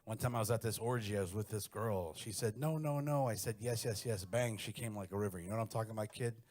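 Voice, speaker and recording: Brash male comic, middle-aged, lower voice, crude animated stand-up delivery. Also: quick pace. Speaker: stand-up comedian. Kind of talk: stand-up comedy set.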